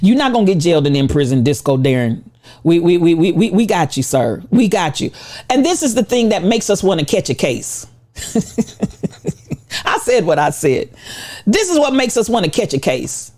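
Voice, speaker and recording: A woman giving an impassioned motivational talk, preaching with repetition and rising to shouts. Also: on the low side, big pitch swings, normal speed. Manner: preaching, repetitive, call-and-response. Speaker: motivational speaker.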